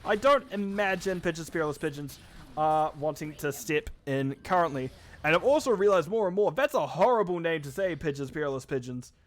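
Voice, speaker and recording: A man casting a live esports match with quick, chatty play-by-play commentary, often correcting himself mid-sentence. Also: on the high side, animated. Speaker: esports caster.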